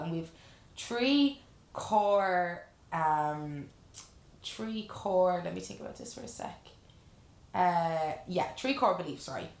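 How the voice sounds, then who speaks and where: A woman life coach talking earnestly and frankly in a casual chat, reflecting and swearing now and then. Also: low-pitched. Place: room in a lash salon. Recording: roomy echo.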